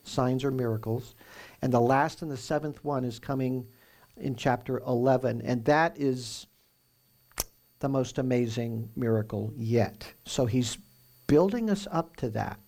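A man pastor teaching through a Bible passage in a conversational, explanatory way, with animated emphasis. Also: mid-range voice, unhurried.

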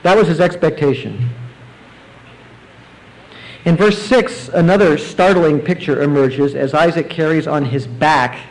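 A man preaching a sermon, explaining scripture verse by verse and rising now and then to emphatic, excited bursts. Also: fairly high pitch, unhurried, pauses often, low-quality recording. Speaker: pastor.

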